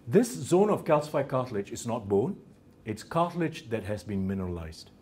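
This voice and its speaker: A man with a New Zealand accent giving a university lecture, halting with many restarts and fillers and dropping in joking asides. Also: medium pitch, very animated, darkish tone, breathy edge. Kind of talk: academic lecture. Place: lecture theatre.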